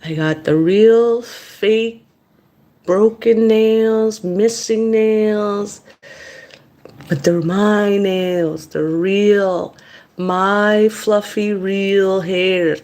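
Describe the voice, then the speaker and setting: Woman vlogger, half-whispered casual chat while eating; slow, rambling delivery. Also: mid-range voice, a little mellow, a little hiss or hum. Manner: slow, chatty, drifting between whisper and voice. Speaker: mukbang vlogger.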